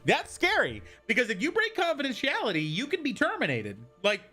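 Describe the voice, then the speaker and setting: A man's voice: very high-pitched, wildly swooping pitch, fairly quick, bright, forceful tone, faint music behind. A young man chatting casually on a live stream, rambling and answering viewers from chat as he goes.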